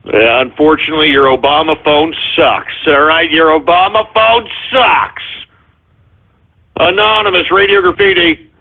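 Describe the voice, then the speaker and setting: A man's voice: on the high side, measured pace, vocal fry. A man hosting a call-in radio show, ranting angrily and swearing at his callers. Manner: angry ranting, swears a lot. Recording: tinny phone-like broadcast audio.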